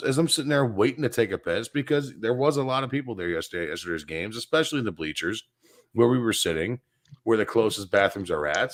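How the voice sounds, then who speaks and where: Animated, profane sports-talk man. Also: medium pitch. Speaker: sports show co-host.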